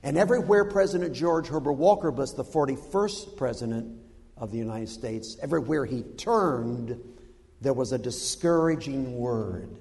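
A man preaching a sermon, telling a story in an animated, humorous way with dramatic pauses. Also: mid-range voice. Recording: long hall reverb.

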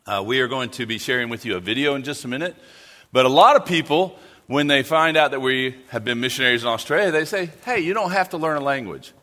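A man's voice: medium pitch, quick pace, pushed and bright. A middle-aged man giving a light-hearted church mission talk as a missionary, joking with the congregation. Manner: joking, playful with the audience. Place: church sanctuary. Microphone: handheld or stand mic. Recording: echoey church hall.

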